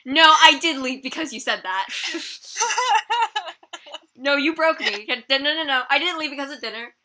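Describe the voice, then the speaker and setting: A woman's voice: sits high, moderate pace, noisy background. A woman joking with friends on a voice chat and reading messages aloud. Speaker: voice chat participant.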